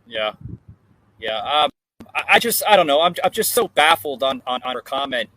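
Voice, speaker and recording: A man's voice: medium pitch, sing-song, moderate pace, sharp tone, a little hiss or hum, rough recording. A man hosting a casual political chat podcast from an outdoor porch, talking in a rambling way with lots of fillers and restarts. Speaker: podcast host.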